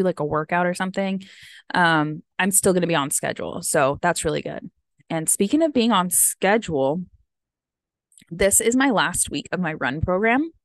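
Recorded dry, a medium-pitched American woman in her thirties vlogs in a casual, rambling chat loaded with "um" and "like." She's somewhat sniffly, having teared up.

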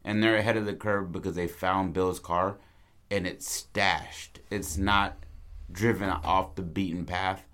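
Deep-voiced man pitching movie scenes. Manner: animated, acts out characters' lines in quick bursts. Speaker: co-writer planning a film. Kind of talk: casual brainstorming chat.

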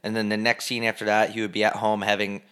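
A man's voice: lowish voice, completely flat delivery, quick pace, fairly bright tone, clear, resonant tone. A man co-hosting a casual chat with offhand, wisecracking banter.

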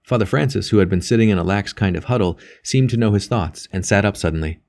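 Measured male audiobook narrator. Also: fairly low pitch, vocal fry, a little mellow. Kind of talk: scripted narration.

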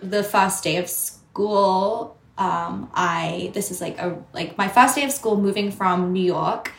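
A woman's voice: medium pitch, slow, vocal fry, echoey room. A woman with an Australian accent, a guest chatting casually and acting out quotes. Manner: animated, acts out quotes, frequent "like". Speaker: podcast guest. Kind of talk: casual chat.

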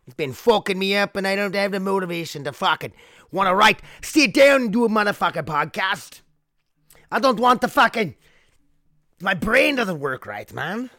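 A man voicing a condescending male announcer in a loud, slow, drifting mock-Irish accent that swears a lot. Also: high voice, animated, no echo, clean studio sound, voice pushed up. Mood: ranting. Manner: shouty, profane, slow and drawn out. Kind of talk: comic put-on voice.

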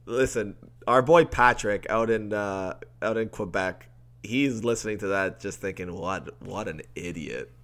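A man's voice: lowish voice, unhurried, a bit bright, clean tone. A man co-hosting a casual sports podcast, easygoing and ribbing his partner drily. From Canada. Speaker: podcast co-host.

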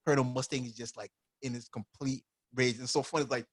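A man casually retelling anime scenes as a podcast co-host, animated and full of "like" and "yo". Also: mid-range voice, fast talker, no room sound, studio quality. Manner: animated storyteller, heavy use of "like" and "yo".

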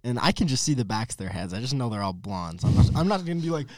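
A young man in casual chat tells a story with a lively voice that leaps up and drops low as he acts out what he said. His pitch sits in the middle. The sound is dry and close. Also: quick pace, dry recording. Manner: animated storyteller acting out his own lines.

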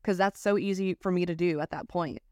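A woman's voice: lowish voice, steady tone, brisk, a little mellow, dry recording, studio quality. A young woman hosting a podcast, giving candid advice in a casual chat, swearing freely and using lots of fillers. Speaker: podcast host.

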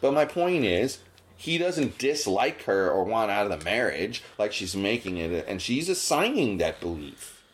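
A man's voice: fairly low pitch, unhurried. A man hosting a podcast, ranting casually and getting worked up, his voice jumping up when indignant. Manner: animated ranting, rising sharply when indignant. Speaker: podcast host. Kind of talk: casual chat.

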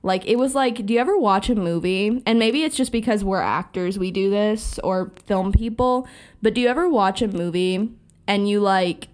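Woman podcast co-host, mid-pitched, reflective film talk, casual. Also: normal speed, darkish tone, a little hiss or hum. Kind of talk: casual chat.

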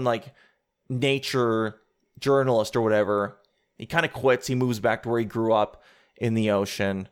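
A man doing an observational stand-up routine, rambling and conversational, interrupting himself and climbing higher in pitch as he riffs. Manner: rambling, conversational, self-interrupting, rises in pitch when riffing. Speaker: stand-up comedian.

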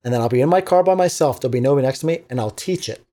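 A man who works as a teacher, talking casually on a podcast in an animated, motivational way, acting out little quotes. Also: medium pitch, rapid-fire. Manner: animated, preachy motivational talk with acted-out quotes.

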